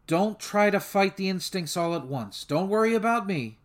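Man doing a calm soothing woman therapist. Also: high voice, moderate pace, voice pushed up. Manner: soothing, reassuring.

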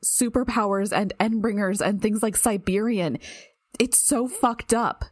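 A woman's voice: medium pitch, unhurried, no echo, clean studio sound, pitched above the performer's own voice, natural voice. Woman voicing a shaken, bitter young woman. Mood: anguished. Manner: trembling, self-pitying, lashing out in anger. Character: anguished, bitter young woman, injured and cornered.

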